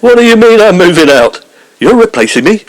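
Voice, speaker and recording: A grandly gloomy male comedian played by a man in a sketch, full of melodramatic self-pity. His pitch sits high and swings wildly between lofty and deflated. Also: sing-song, a little fast, poor audio. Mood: pompous. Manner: mock-grand, melodramatic complaints.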